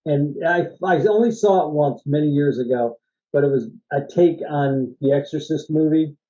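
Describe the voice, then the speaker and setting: A man's voice: a little high, moderate pace, warm tone, dull audio. A man co-hosting a casual movie review chat, who laughs often and acts out lines from the film. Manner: laughs often, mimics characters in quotes. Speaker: co-host.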